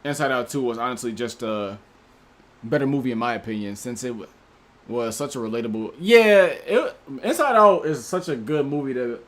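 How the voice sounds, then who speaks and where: A man hosts a relaxed livestream and talks straight to his chat. He reads viewers' names and their picks one after another in a loose, slangy way. His voice sits at an ordinary middle pitch for a man. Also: normal speed. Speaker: livestream host.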